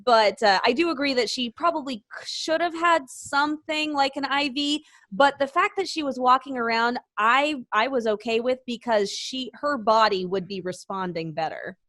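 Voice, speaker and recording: A woman's voice: a little high, moderate pace, hardly any pauses, fairly bright tone. A woman chatting casually as a guest on a movie podcast, laughing often as she retells scenes. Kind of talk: casual chat.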